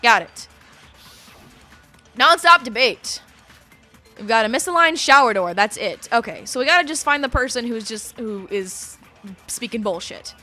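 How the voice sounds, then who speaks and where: A woman's voice: on the high side, expressive, normal speed, bright, forceful tone. A woman giving gaming commentary as she plays, chatty and swearing freely at the game. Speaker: let's play host. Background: game music.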